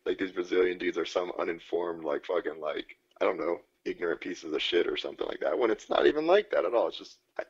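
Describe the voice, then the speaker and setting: A man's voice: deep voice, lively intonation, quick pace, creaky, hardly any pauses, slightly rough, dull audio. A man co-hosting a podcast in rambling, profane casual chat, laughing often. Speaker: podcast co-host.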